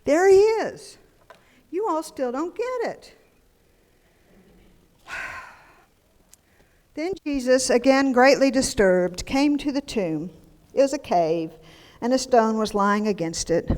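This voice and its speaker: An older woman delivers a lively, joking sermon in a church, her voice set a little high. She swings between animated storytelling and hushed, near-whispered lines. A long reverb trails her words through the hall. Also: measured pace, pauses often. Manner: animated and humorous, dropping to near-whispers for emphasis. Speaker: guest preacher. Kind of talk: conversational sermon. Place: church sanctuary. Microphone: handheld microphone.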